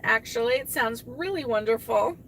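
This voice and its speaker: A woman's voice: a little high, animated, normal speed, fairly bright tone, slight background noise. A woman hosting a crochet live stream, chatting casually with viewers and reading out their comments, gushing and exclaiming often. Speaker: crochet channel host reading live chat.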